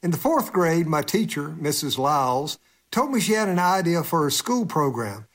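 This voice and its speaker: A man's voice: fairly high pitch, big pitch swings, normal speed, fairly bright tone. A male humorist telling a funny personal story for a radio feature, chuckling as he talks.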